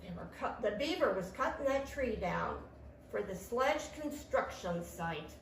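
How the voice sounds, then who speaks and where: A woman's voice: mid-range voice, gravelly, a little hiss or hum. A woman reading a children's picture book aloud with sound effects, in an echoey room. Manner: slow, animated read-aloud with sound effects. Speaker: storytime reader. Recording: echoey room, mic at a distance.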